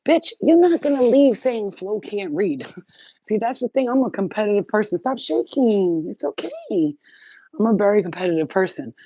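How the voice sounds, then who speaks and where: A woman's voice: medium pitch, warm tone, husky, dry recording. Blunt, profane woman on a dull, dry recording. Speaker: spiritual reader. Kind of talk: casual livestream chat.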